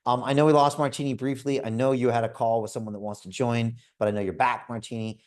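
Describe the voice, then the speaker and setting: Man, fifties, energetic, direct, motivational sales pitch, video call, mid-range voice. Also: fast. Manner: energetic, direct, addresses listeners as folks. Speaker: host of a crypto investment club.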